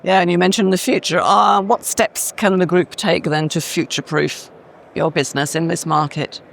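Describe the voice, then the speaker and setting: A man's voice: sits high, steady tone, moderate pace, vocal fry, a bit bright. A man interviewing a guest at a trade fair, asking brief questions and murmuring agreement.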